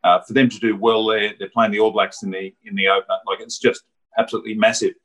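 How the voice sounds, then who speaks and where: A man giving measured rugby analysis on a sports talk panel, pausing often with fillers. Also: fairly low pitch, little pitch movement, fairly bright tone, poor audio. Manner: measured, hesitant with many ums. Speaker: rugby pundit. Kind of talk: studio sports discussion.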